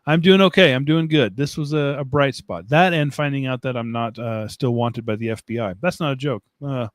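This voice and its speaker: A man's voice: medium pitch, fairly quick, no echo, clean studio sound. Rambling, laughing man hosting a live stream. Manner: rambling and self-mocking, laughs often, answers chat comments. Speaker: livestream host. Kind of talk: casual live-stream chat. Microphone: desk mic, streaming setup.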